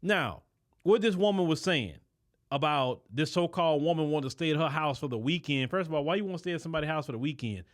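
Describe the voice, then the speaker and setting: A man's voice: fairly high pitch, lively intonation, quick pace. A man hosting a show and reacting to a story with blunt, opinionated commentary full of rhetorical questions. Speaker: show host giving commentary.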